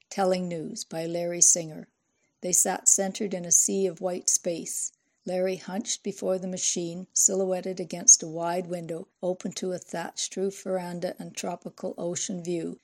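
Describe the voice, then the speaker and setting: Woman narrator, audiobook, measured, even, low-leaning pitch.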